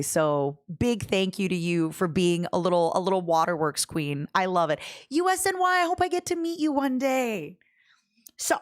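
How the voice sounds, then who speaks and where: Young female streamer, bubbly, chatty, talks straight to her viewers. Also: mid-range voice. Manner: bubbly, talks to chat, jumps from topic to topic. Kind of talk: casual livestream chat.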